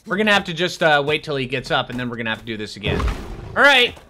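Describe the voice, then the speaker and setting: A man's voice: fairly high pitch, big pitch swings, fast talker, pushed and bright, slight background noise. A man hosting his own gaming channel, chatting casually and upbeat as he plays. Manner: upbeat, chatty, talks to himself while playing. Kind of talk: casual gameplay commentary.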